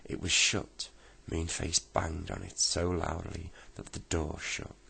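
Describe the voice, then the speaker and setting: A man reads a bedtime story aloud in a very low voice, slow and gentle throughout. His tone is gravelly, with a husky, breathy grain. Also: flat delivery.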